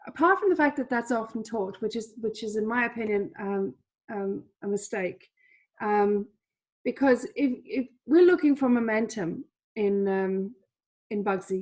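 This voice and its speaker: A woman teaching a trading lesson over a shared screen, chatty, repeating herself, with many fillers. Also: on the high side. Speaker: trading coach.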